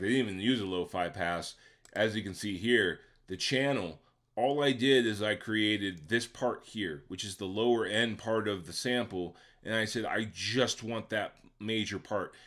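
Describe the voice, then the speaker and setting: A man with a somewhat low voice gives a casual walkthrough of how he produced a beat. He talks step by step with a few fillers and keeps checking in with the listener. He sounds like a home-studio producer recording a voice-over for his tutorial. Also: moderate pace, fairly bright tone. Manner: conversational, checks in with the viewer by asking "right?".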